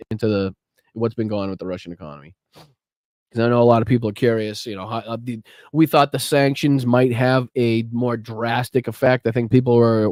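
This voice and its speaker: A man's voice: mid-range voice, a little mellow, dry recording, studio quality. A man hosting a live political podcast, talking bluntly with lots of swearing, and often restarting his sentences as he works his screen. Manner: blunt and heavily profane; fumbles with restarts while working his screen. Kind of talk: casual live-streamed rant.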